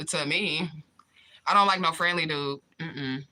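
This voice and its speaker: Bright-voiced woman chatting frankly on a livestream. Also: low-pitched, slow pace. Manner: candid, profane, laughs often, answers viewers directly. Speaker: livestream vlogger reading chat comments. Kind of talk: casual livestream chat.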